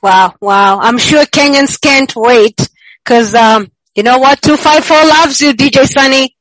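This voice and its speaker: A woman hosts a podcast interview in a casual tone. Her voice sits a bit high, and she keeps her guest going with short affirmations. The recording is dry, with no room sound. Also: measured pace, no echo, poor audio. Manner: encouraging, with frequent affirming murmurs. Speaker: podcast host.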